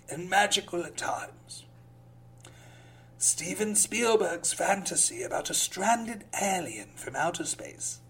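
With a mid-range voice, a podcast host casually reads out film critiques and peppers the gaps with sarcasm. Now and then his delivery turns mock-pompous.

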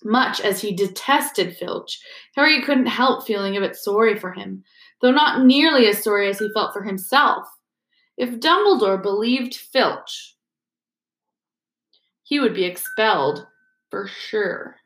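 A woman narrating an audiobook in a measured, expressive way. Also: medium pitch, slight background noise. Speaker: audiobook reader. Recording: roomy echo.

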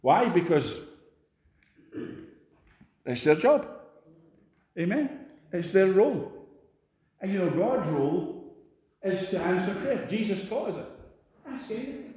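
Male preacher, emphatic, high-pitched, echoey church, rousing sermon delivery. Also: very animated, slow, pauses often, darkish tone.

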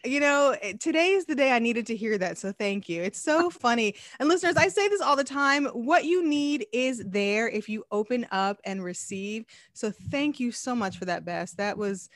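Woman host, higher voice, effusive, casual interview chat, dry close sound. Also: expressive, normal speed, hardly any pauses, no echo. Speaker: podcast host.

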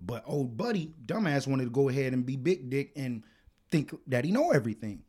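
Animated, profane man telling a story. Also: mid-range voice, brisk, breathy edge. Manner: animated, profane, gets loud and heated retelling arguments. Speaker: podcast co-host. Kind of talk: casual storytelling chat.

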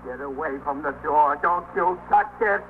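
A man's voice: fairly high pitch, normal speed, close to an everyday voice. An actor playing an unstable, paranoid man barricaded with a gun, ranting and threatening in 1950s radio drama style. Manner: agitated, repetitive, swings between threats and self-pity. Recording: tinny old radio broadcast with faint hiss.

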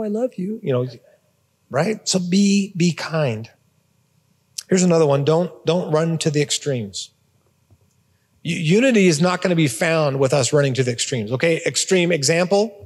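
Man, pastor, conversational sermon, husky, raised pitch, long hall reverb. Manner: conversational, repeats words, informal asides. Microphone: phone or portable device.

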